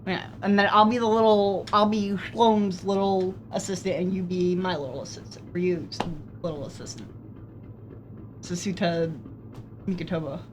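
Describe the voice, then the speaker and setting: A woman's voice: fairly low pitch, fairly even intonation, moderate pace, background noise. A young woman playing a video game with a friend, reacting in a playful, joking way. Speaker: game streamer. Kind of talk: casual let's play commentary.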